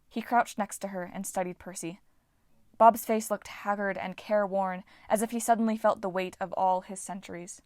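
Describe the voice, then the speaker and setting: A woman reading a novel aloud in a steady, expressive storytelling voice. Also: mid-range voice, moderate pace, dry recording, clean studio sound. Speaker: audiobook reader.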